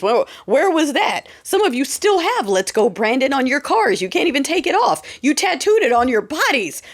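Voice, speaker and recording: A woman hosting a podcast, giving a sassy, sarcastic political monologue and mocking the people she quotes. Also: mid-range voice. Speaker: podcast host. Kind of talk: casual political commentary monologue.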